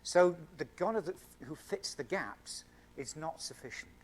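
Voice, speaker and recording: A man's voice: on the high side, lively intonation, a little slow, a little hiss or hum. A man, a scientist giving an earnest public lecture at a university event. He explains with everyday examples and stresses key words. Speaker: scientist giving an evening talk to a student Christian group.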